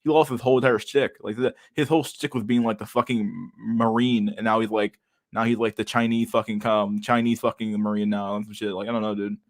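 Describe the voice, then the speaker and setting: A man's voice: on the low side, flat delivery, a little fast. A man hosting a livestream, chatting casually with viewers in a rambling, profane way, laughing often with mock outrage. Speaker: livestream host. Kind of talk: casual chat with live viewers.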